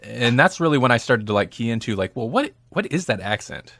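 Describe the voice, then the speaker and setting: A man's voice: mid-range voice, a little fast, vocal fry, no room sound, studio quality. A man co-hosting a podcast, chatting casually and animatedly about films. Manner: chatty, animated, laughs often. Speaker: podcast co-host. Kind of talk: casual movie review chat.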